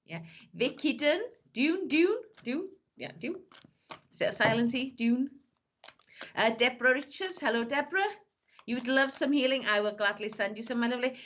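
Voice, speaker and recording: A psychic medium greets viewers and gives readings on a live stream, chatting warmly and calling everyone "my lovely." Her high-pitched, animated voice is a bit bright and runs at normal speed, with lo-fi sound.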